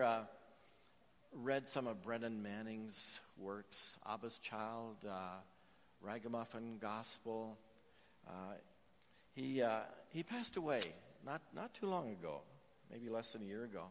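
A man preaching a sermon as pastor, telling a story with frequent "uh" fillers and swinging between hushed and emphatic delivery. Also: mid-range voice, lively intonation, a little slow, slight background noise. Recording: long reverb of a large hall.

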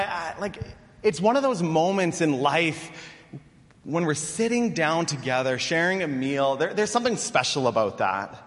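Chatty pastor in a reverberant hall. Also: male voice, fairly high pitch, a bit bright. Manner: conversational, many fillers. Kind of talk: sermon.

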